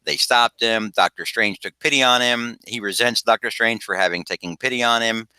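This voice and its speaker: A man's voice: medium pitch, moderate pace, sharp tone, smooth, no room sound. A man hosting a casual podcast chat, rambling and interrupting himself as he sums up a story. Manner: rambling, self-interrupting, laughs while summarizing. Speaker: podcast host.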